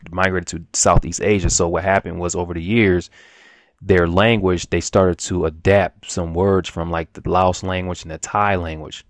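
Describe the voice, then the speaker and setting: Low creaky guy going over words at his computer, lots of uh and um, dry sound. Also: no room sound. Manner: rambling, halting, many restarts and fillers. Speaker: language teacher. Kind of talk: casual screen-share language lesson.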